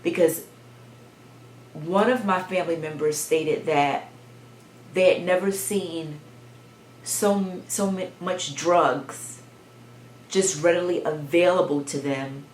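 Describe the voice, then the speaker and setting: A woman vlogger telling a personal story from her childhood, reflective and pausing as she talks. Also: on the low side, darkish tone, a little hiss or hum. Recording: echoey room.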